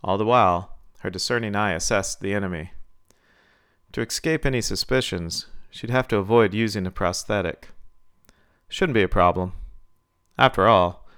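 A man narrating a story in a steady, even reading. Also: on the low side, moderate pace, clear, resonant tone.

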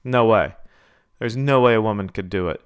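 A man's voice: on the low side, normal speed, clean tone, natural voice. A man voicing sneering, threatening young male Marine lieutenants in a read-aloud story. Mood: menacing.

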